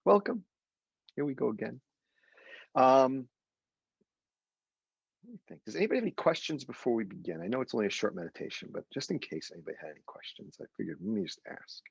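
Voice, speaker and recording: A man leading a guided meditation, talking gently and unhurriedly and repeating soothing phrases. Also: medium pitch, lively intonation, fast, gravelly, long pauses, breathy edge, no room sound, dull audio. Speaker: meditation teacher.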